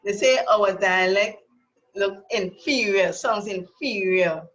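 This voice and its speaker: A woman from Trinidad and Tobago with a Trinidadian accent, giving a prepared humorous speech at an online club meeting, slow and deliberate, with emphatic stresses. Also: mid-range voice, a bit bright, lo-fi sound. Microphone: video call.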